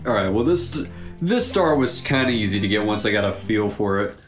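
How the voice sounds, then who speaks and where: A man's voice: fairly low pitch, animated, brisk. A man with a stuffy, congested nose, chatting casually and sarcastically while playing a video game as co-host. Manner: dry, sarcastic grumbling at the game. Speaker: let's play gamer and co-host. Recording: roomy echo with faint background music.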